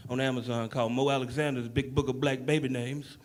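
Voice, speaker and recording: A man doing a stand-up comedy set on stage, brash and animated, punching up his lines. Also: mid-range voice, quick pace.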